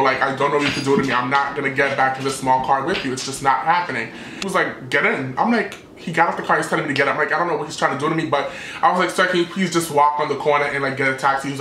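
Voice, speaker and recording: A man's voice: medium pitch, a little hiss or hum. A young man vlogger telling a dramatic storytime rant in casual chat, acting out the people in it. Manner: animated, dramatic retelling with quoted voices. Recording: echoey room.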